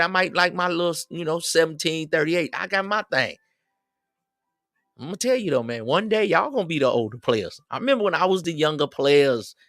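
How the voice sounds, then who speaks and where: A middle-aged man giving casual advice in a slangy, preachy, joking way, with loud swings. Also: a little high, no room sound, studio quality. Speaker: show host.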